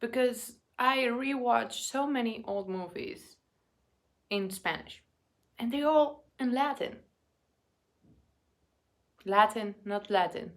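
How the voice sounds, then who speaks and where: Brief: young adult woman, eating-vlog chat, slow, unhurried delivery, halting, drops to murmurs and whispers. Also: on the high side. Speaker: vlogger.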